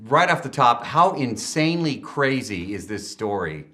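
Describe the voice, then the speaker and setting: Bright, upbeat guy from texas doing the interview, gushes a lot. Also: medium pitch, big pitch swings, moderate pace. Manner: enthusiastic, complimentary. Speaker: entertainment interviewer. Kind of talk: casual interview chat.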